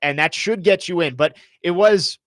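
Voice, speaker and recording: Sports radio host, fairly high voice. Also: male voice, moderate pace, no room sound, studio quality. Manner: conversational, reads promos and steers the segment. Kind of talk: live sports talk radio. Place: radio studio. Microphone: studio mic.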